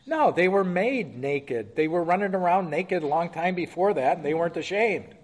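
An animated man with a high voice leads a Bible study at normal speed, reading scripture and asking the group questions in a conversational way, with big-room acoustics.

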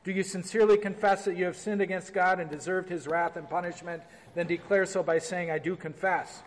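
Male pastor leading a class; high-pitched, conversational, reads liturgy with emphasis; slight hall reverb. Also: fairly even intonation, a little fast, slight background noise. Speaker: pastor teaching a Bible class. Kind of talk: informal church class lecture with liturgy reading.

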